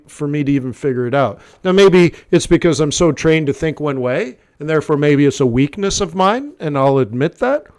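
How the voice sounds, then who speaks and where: A man with a fairly high, slightly mellow voice coaches viewers through live forex trading. He talks directly and bluntly in a casual way, repeating phrases and scattering "okay" and "like" throughout.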